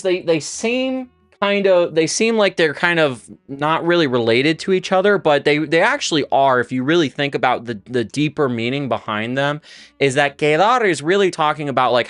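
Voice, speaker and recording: A man's voice: mid-range voice, a bit bright, smooth, no room sound. A man teaching Spanish on a livestream, chatty and loose, with many restarts and fillers. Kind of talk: casual livestream lesson.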